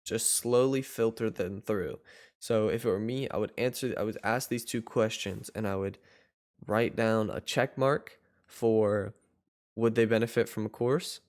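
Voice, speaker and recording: A man's voice: on the low side, measured pace. A man coaching viewers step by step in a loose, rambling way, often restarting his sentences. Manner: rambling, self-correcting, loose and chatty. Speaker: online course coach. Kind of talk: casual tutorial talk.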